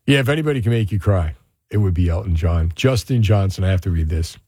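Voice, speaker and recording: A man's voice: deep voice, animated, fast, dark tone, husky, no room sound. A man hosting a call-in radio show from a studio, chatting casually with callers and drifting into reflective musings. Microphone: studio microphone.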